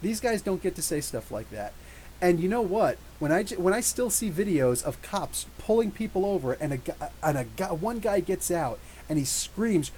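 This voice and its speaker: Lively chatty guy on a live stream, voice all over the place, bit of hiss. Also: high voice, low-quality recording. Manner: animated, rambling, quick asides, laughs often. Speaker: podcast host. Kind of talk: live stream chat reading super chats.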